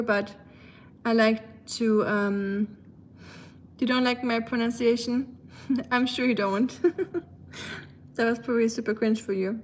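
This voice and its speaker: A German woman with a German accent chats casually with viewers on a phone livestream while cooking in her home kitchen, the phone resting on the counter. Her voice is a little high and steady in tone, slow, with frequent pauses and a faint hiss or hum. She's chatty, laughs a lot, and reads out and answers comments from the chat.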